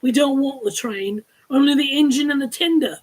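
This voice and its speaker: A woman's voice: high voice, close to an everyday voice, poor audio. Woman doing a bold, determined young man. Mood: resolute. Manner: firm, brisk, decisive.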